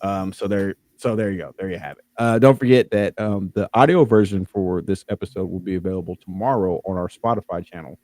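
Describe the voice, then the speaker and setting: A podcast host closes out the show in a low, dark voice, moving briskly with hardly any pauses, and there's no room sound. He rambles and jokes his way through the casual wrap-up, dropping plenty of ums.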